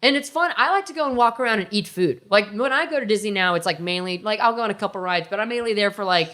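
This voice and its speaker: A woman's voice: mid-range voice, quick pace, fairly bright tone. A young woman co-hosting a podcast, telling candid stories in a chatty way. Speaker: podcast co-host. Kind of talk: casual chat.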